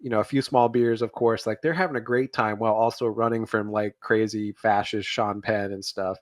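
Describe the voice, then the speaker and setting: A man's voice: lowish voice, steady tone, a little fast, no echo. A man co-hosting a casual podcast, rambling through his thoughts with fillers and restarts. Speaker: podcast co-host.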